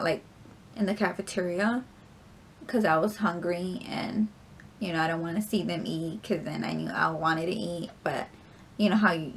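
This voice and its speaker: A woman's voice: on the low side, gravelly, a little hiss or hum. A young woman vlogger telling a story in a casual, rambling way, full of filler words and casual swearing.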